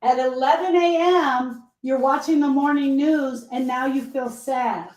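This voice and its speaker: This woman hosts a podcast about grief, and her voice is high and a touch mellow. She tells stories in a heartfelt, motivational way, conversational yet emphatic, circling back to key phrases to give them weight.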